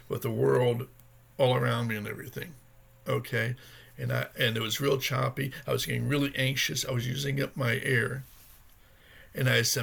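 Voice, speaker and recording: Male vlogger, middle pitch, gravelly fry, earnest and rambling personal talk. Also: a bit bright. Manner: earnest, rambling, searching for words. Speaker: vlogger sharing his recovery journey. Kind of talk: casual personal vlog talk.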